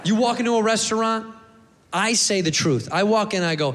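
A young American man doing a crude, animated stand-up set on a club stage, swearing freely. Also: high-pitched, brisk. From United States. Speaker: stand-up comedian. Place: comedy club stage with a live audience. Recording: live club recording, long reverb, audience and room noise.

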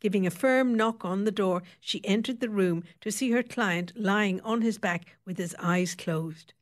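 A woman reading a novel aloud as audiobook narrator, in steady, expressive storytelling. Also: medium pitch, normal speed. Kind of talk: scripted narration.

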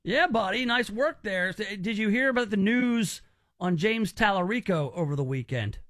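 A man's voice: high voice, expressive, normal speed, a bit bright, no room sound. A man hosting a call-in radio show, rambling and teasing with lots of restarts. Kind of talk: joking call-in radio banter.

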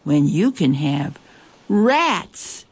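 A woman voicing a calm, kindly old sea captain who speaks softly and reassuringly. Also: extremely slow, slightly rough, heavily acted. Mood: soothing. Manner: soft, low and reassuring.

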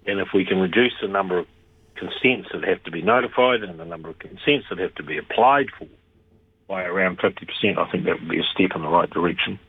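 A man speaks over a thin, tinny phone line. His voice sits low and a little husky. He talks about policy in a measured, critical way. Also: dry recording. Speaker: interview guest on rural radio. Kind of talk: radio phone interview.

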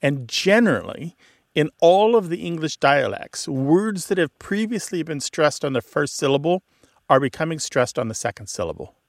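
A man's voice: fairly high pitch, very animated, moderate pace, no room sound, clean studio sound. A man hosting a call-in radio show, explaining word usage to a caller with enthusiasm. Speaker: host.

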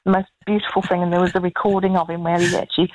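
A woman's voice: fairly low pitch, little pitch movement, very fast, a little mellow, no echo. A woman in her sixties from New Zealand, calling in to a radio show and speaking fondly with a few hesitations. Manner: friendly, fond, hesitant. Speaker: caller. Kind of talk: phone-in chat. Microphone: telephone. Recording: muffled dry phone line.

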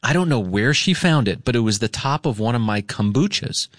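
A man's voice: mid-range voice, fairly quick, no echo, clean studio sound. A man hosting a radio morning show, telling a story casually and acting out the voices he quotes. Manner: animated, acts out quoted voices.

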